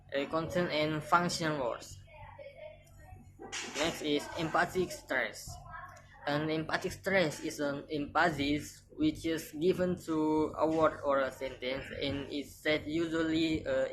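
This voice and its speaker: A woman with a low voice reads a phonetics lesson at an unhurried, careful pace. She repeats example words one by one and sounds them out deliberately. A faint hiss of noise sits under her voice. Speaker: student presenter. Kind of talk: reading a phonetics lesson aloud.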